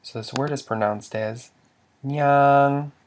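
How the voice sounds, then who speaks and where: Slow gravelly male language teacher. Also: mid-range voice. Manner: patient, quizzing the listener, sounding out example words. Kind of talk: slow instructional explanation.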